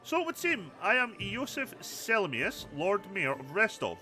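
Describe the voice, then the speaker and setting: Brief: man reading a flattering old game mayor, animated and bright. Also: sits high, normal speed, faint music behind, pitched above the performer's own voice, full character voice. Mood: genial. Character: genial older male lord mayor.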